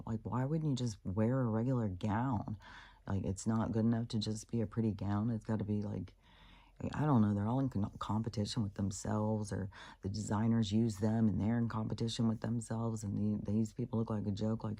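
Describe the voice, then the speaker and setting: A vlogger talking in a rambling, profane monologue, often clearing their throat. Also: medium pitch, mellow. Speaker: spiritual vlogger.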